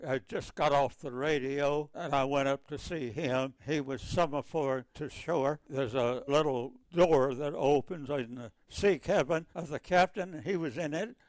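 An older man, a navy veteran, recounting wartime memories in a halting, repetitive way with many restarts. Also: on the high side, dry recording.

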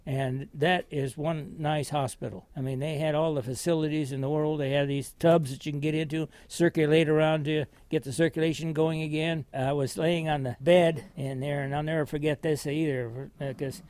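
A man's voice: fairly high pitch, steady tone, normal speed, few pauses, a little mellow, no room sound. An older American man, a war veteran, telling his story in a rambling, folksy way with frequent chuckles. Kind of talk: oral history storytelling.

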